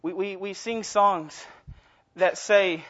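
A man's voice: high voice, fairly even intonation, slow, a bit bright. A young man giving an informal sermon as a guest preacher, casual and self-deprecating, rambling and often restarting his sentences. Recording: dull lo-fi recording.

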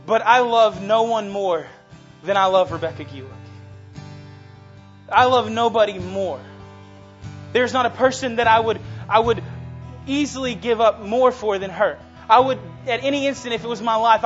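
A man's voice: sits high, normal speed, a bit bright, highs cut off, soft background music. A young man in his twenties preaching a casual, earnest sermon that swells into passionate emphasis. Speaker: youth preacher.

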